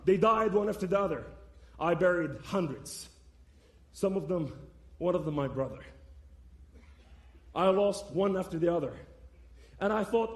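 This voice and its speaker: A man giving preached testimony to a church, impassioned, swinging between loud and soft. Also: high-pitched, animated, measured pace, pauses often. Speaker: guest speaker giving testimony. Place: church sanctuary. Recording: echoey room sound.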